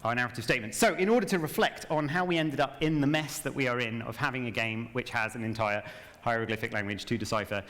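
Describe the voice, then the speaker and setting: A man's voice: mid-range voice, fast, a bit bright. A man presenting a conference talk from memory, chatty and self-deprecating with wry asides. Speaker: game narrative director giving a talk. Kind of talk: conference talk without notes. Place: large event hall. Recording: long hall reverb.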